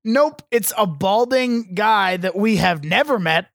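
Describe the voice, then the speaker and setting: A man's voice: high-pitched, expressive, unhurried, creaky, fairly bright tone, no room sound, studio quality. A man co-hosting a podcast, chatting casually and profanely as he sarcastically recaps a movie. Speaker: podcast co-host.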